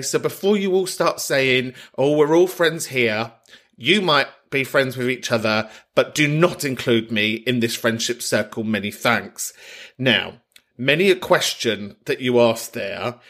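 A man's voice: medium pitch, lively intonation, unhurried, a bit bright. A man hosting a podcast, answering listener voice notes with mock-grumpy sarcasm and lots of swearing. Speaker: podcast host. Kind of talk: comic reply to voice notes.

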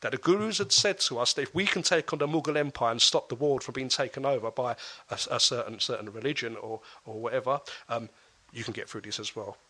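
A man tells a personal story as an interview guest. He talks animatedly, with a bright and forceful tone. He often restarts his sentences mid-thought. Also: mid-range voice, fast talker. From England.

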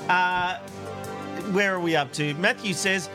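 High-voiced man hosting, with music. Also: measured pace. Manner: jokey, laughs often, reads comments aloud. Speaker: co-host reading listener feedback. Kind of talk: casual chat show banter.

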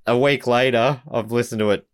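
A man's voice: medium pitch, fairly even intonation, brisk, a little hiss or hum. A man co-hosting a casual album podcast, easygoing and thinking aloud as he talks. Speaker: podcast co-host. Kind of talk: casual chat about albums.

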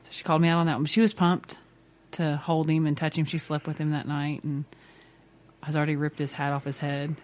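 Low-voiced mom chatting about family stuff, laughs a lot, easygoing. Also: female voice, little pitch movement, a little fast, darkish tone. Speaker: mother. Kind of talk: casual chat.

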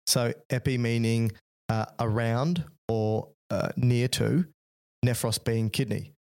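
A man co-hosting a podcast, talking through physiology in a relaxed chat. His voice sits at a middling pitch. He is playful and keeps slipping in jokes between explanations. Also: slow, creaky. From Australia. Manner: playful, jokey, explains step by step. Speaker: podcast co-host. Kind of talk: casual educational chat.

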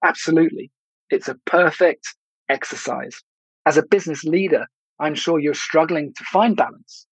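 A man's voice: on the high side, moderate pace, breathy edge, no room sound. A man hosting a podcast, talking alone in a reflective, conversational way with some restarts. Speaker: podcast host. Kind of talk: solo podcast monologue. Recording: dull lo-fi dry recording.

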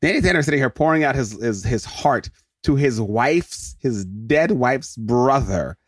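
Animated man recapping a sitcom, dry mic. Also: mid-range voice, breathy edge, no echo. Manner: animated, jokey, slips into quick mock voices of characters. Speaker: podcast host. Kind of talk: comic episode recap.

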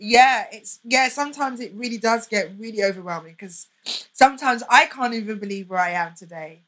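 A woman's voice: a little high, normal speed, fairly bright tone. A young woman who is a podcast guest, talking openly and emphatically in a candid interview. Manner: open, heartfelt, emphatic.

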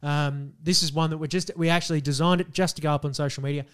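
Australian man, podcast co-host, casual, blunt, lots of swearing, a touch high-pitched. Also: quick pace, clear, resonant tone. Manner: blunt, swears a lot, animated. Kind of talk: casual chat.

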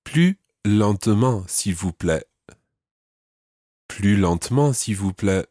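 A man hosting a podcast language lesson, patiently giving English phrases and repeating the answers slowly and clearly. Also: fairly low pitch, expressive, dark tone, no room sound, clean studio sound. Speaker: language teacher host.

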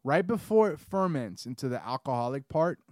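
A young man co-hosting a podcast, joking and chiming in with quick quips. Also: mid-range voice, big pitch swings, a little mellow, no room sound, studio quality. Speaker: podcast co-host. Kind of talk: casual chat.

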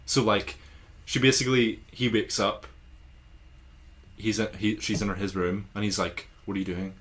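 A man's voice: fairly low pitch, normal speed, fairly bright tone. A man, co-hosting a casual podcast chat and animatedly retelling a film's plot, acting out characters' lines. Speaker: podcast co-host.

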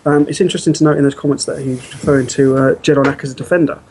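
Fast talking guy, kinda high voice, faint hiss behind. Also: fairly even intonation, darkish tone. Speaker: co-host. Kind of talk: casual chat.

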